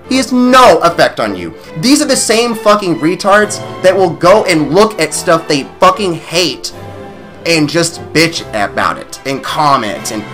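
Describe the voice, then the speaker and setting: A man's voice: on the high side, fairly bright tone. A man hosting his own vlog, ranting crudely and sarcastically, swearing constantly. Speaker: vlog host. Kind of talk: profane rant commentary.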